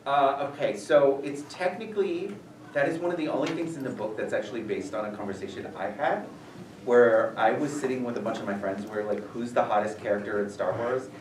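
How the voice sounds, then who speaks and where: A man visiting a school as an author, answering questions in a rambling, animated way full of fillers. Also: mid-range voice, a little fast, a little hiss or hum. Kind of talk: casual Q&A talk. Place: school room, audience present. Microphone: distant from the recorder. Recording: echoey room, voice heard from far off.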